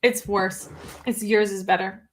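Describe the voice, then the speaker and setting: A woman's voice: medium pitch, steady tone, measured pace. A woman co-hosting a casual podcast, blunt and playful, telling a joke. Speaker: podcast co-host.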